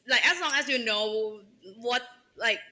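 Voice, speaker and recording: A woman's voice: on the high side, a little slow, bright, forceful tone. A young woman from Thailand with a Thai accent, co-hosting a podcast in casual chat, full of fillers and restarts. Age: young adult. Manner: chatty, many fillers and restarts. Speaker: podcast co-host.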